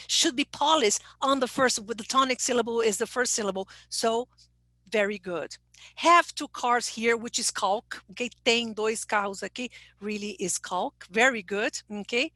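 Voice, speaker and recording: A woman whose first language is Portuguese, speaking English with a Brazilian accent, gives an encouraging online presentation to teachers and keeps checking in with a quick "okay?". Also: a little high, sharp tone, dry recording.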